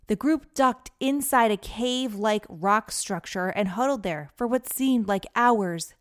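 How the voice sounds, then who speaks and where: A woman narrating a children's adventure story in a lively, clear manner. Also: fairly high pitch, measured pace.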